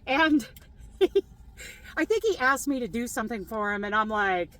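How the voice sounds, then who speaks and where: Woman, middle-aged, chatty vlogger, fairly high voice, laughs a lot. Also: big pitch swings, normal speed, a bit bright, rough recording. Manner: chatty, laughs often while telling stories. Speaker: crochet vlogger. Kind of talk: casual chat to camera.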